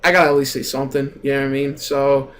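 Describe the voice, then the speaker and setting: A young man telling a story in a casual, rambling rant, animated and full of swearing and filler words. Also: mid-range voice, fast talker, slight background noise. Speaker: gaming streamer.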